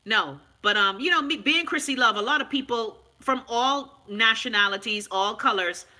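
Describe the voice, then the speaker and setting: A Bahamian woman hosting a casual live stream, frank and animated, swearing freely and answering viewer comments. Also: on the high side, normal speed. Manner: loud, animated, talks back to viewer comments.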